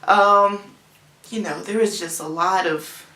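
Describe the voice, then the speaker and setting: A woman's voice: fairly low pitch, steady tone, slow pace, bright, forceful tone. Young woman cohosting a chat show, worked up and exasperated, roomy echo around her. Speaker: podcast co-host. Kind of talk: casual chat. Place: cold room.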